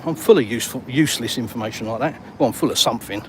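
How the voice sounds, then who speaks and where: Cheeky English bloke on a stroll. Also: male voice, medium pitch, rapid-fire, a little hiss or hum. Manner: cheeky, bantering, slangy. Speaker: vlogger. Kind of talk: casual walk-and-talk vlog. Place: outdoors on an urban seafront street.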